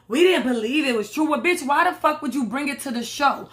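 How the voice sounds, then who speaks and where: A woman's voice: sits high, expressive, fairly quick, hardly any pauses, a bit bright. Sassy, cussing woman recapping reality TV. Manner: sassy, blunt, swears a lot. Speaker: reality TV reviewer. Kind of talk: casual recap commentary.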